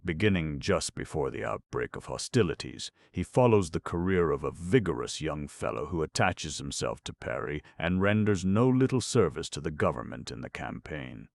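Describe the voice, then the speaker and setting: A man reading an audiobook in steady, measured scripted narration. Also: rumbling low, gravelly, no room sound, clean studio sound.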